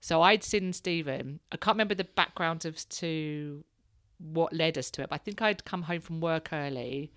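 A woman's voice: low-pitched, moderate pace, fairly bright tone, no echo, clean studio sound. A woman in her thirties, hosting a casual chat and telling candid stories, laughing now and then. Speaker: podcast host, mother.

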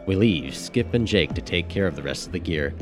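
A man with a very low voice reads a first-person audiobook. His tone is casual and wry, like a storyteller talking to a friend. Faint music plays behind him. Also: expressive, a little fast. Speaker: narrator.

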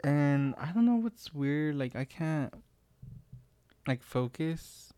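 A man's voice: a little high, expressive, slow pace, mellow, a little hiss or hum. Joking young man podcast co-host. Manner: joking, rambling, swears casually. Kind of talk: casual chat.

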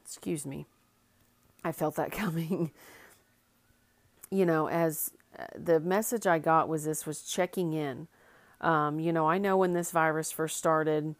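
Low-voiced woman musing aloud. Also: dry recording. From Arkansas, US South. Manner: rambling, many fillers and restarts. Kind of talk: casual heartfelt monologue.

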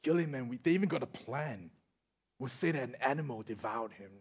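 Animated Singaporean man preaching. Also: medium pitch, a little fast, breathy edge. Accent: Singaporean English. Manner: animated, acts out voices in anecdotes, swings loud to soft. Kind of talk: sermon with storytelling.

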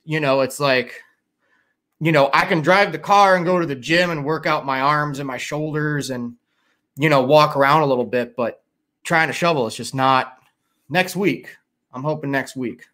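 A man's voice: on the high side, normal speed, pushed and bright. A middle-aged man from Chicago hosting a casual livestream, tired and rambling, with a lot of swearing. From Chicago area. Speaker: livestream host.

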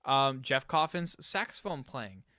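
A man's voice: mid-range voice, big pitch swings, measured pace, sharp tone, no room sound, studio quality. A man co-hosting a music podcast, chatting casually, blunt and opinionated, often trailing off into hedges. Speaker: podcast co-host. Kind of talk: casual chat about music.

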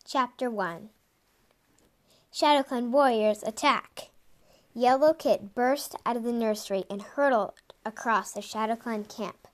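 A woman narrating a storybook in a soft, even reading voice, with the odd slip. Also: a little high, a little slow. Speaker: audiobook reader.

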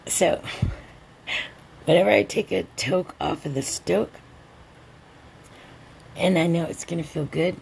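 A woman hosting a rambling solo podcast, a little drunk and stoned, drawling along and breaking into excited outbursts. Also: lowish voice, creaky, a little hiss or hum. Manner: tipsy, meandering, slow drawl with sudden excited outbursts. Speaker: podcast host.

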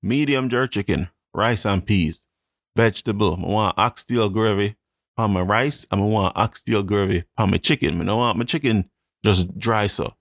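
Gravelly Jamaican man, casual chat. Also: on the low side, normal speed, no echo, clean studio sound. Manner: animated storytelling, slips into patois. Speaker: co-host.

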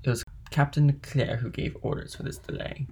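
A man voicing a kindly, eager older male ship owner in an audiobook reading, with a gravelly tone. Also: medium pitch, fairly even intonation, brisk, darkish tone.

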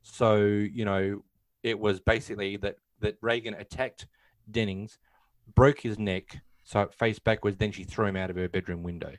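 Low-voiced man in casual film chat. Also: steady tone, moderate pace, no room sound. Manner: retells scenes, acting out lines, many fillers. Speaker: podcast co-host.

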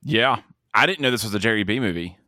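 Male co-host, lowish voice, deadpan jokes and asides, dry close mic. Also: fast talker, no echo. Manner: jokey, rambling asides. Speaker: podcast co-host. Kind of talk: casual movie podcast chat.

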